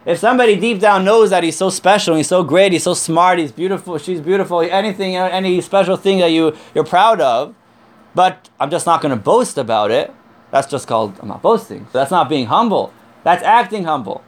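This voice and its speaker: A man's voice: high voice, lively intonation, fairly quick. Earnest man teaching a Torah class. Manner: earnest and emphatic, repeats points, tells a joke. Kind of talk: conversational lesson from sources.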